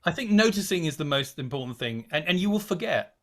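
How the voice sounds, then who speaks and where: Chatty man, slightly high voice. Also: big pitch swings, fast talker. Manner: chatty, digressive, acts out quoted inner voices. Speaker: guest speaker on wellbeing. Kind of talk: casual talk on a video call. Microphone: video call.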